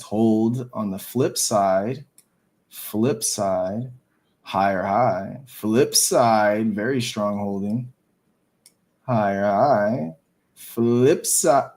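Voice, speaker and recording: A man hosting a live trading stream, talking excitedly with lots of slang and swearing. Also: fairly low pitch, drawn-out words. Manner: excitable, profane, calls everyone dude and bro.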